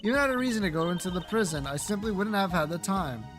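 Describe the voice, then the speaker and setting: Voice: medium pitch, lively intonation, quick pace, natural voice. A player voicing a flirty, condescending female prison warden who calls everyone darling, over faint game music. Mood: sugary. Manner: sugary and patronizing, calls others darling and sweetie.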